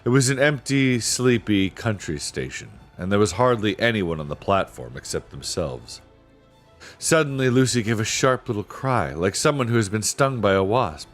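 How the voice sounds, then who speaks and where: A man reading a children's novel aloud in a relaxed, unhurried way, clearing his throat now and then. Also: fairly low pitch, soft background music. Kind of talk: casual read-aloud storytelling.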